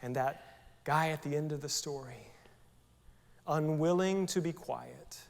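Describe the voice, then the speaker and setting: A man's voice: fairly high pitch, unhurried, creaky. Conversational male pastor in an echoing church. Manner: conversational preaching with rhetorical questions. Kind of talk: sermon. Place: church sanctuary.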